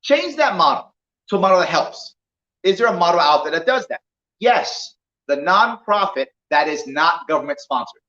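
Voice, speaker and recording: A man gives a campaign talk to a small crowd, his voice high and swinging widely as he acts out little scenes. The room is roomy and echoey, and the sound comes through dull and lo-fi. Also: normal speed. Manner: animated storyteller who acts out dialogue. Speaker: political candidate speaking to a small crowd. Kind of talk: campaign talk with acted-out anecdotes. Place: indoor venue, roomy.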